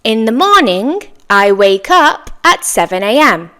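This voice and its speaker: A woman teaching an English lesson, saying example sentences slowly and clearly for learners to repeat, with encouraging praise. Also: on the high side, sing-song, bright, forceful tone. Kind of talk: slow, clear language lesson with repeat-after-me drills.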